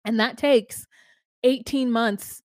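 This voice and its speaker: A woman's voice: on the high side, steady tone, slow pace, no room sound, clean studio sound. A woman co-hosting a podcast, recapping a reality show in casual, joking chat. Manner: chatty, joking, sings silly made-up lyrics. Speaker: podcast co-host.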